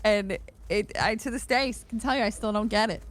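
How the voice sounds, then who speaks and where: A woman's voice: mid-range voice, brisk. A woman co-hosting a live game stream in casual chat, greeting viewers and joking along. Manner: chatty, greets chat and joins in on jokes. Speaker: streamer co-host.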